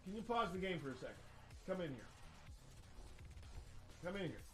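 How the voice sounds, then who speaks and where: A man's voice: high-pitched, very animated, normal speed, faint music behind. A man hosting a podcast reads out news and chats casually, rambling and restarting his sentences. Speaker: podcast host.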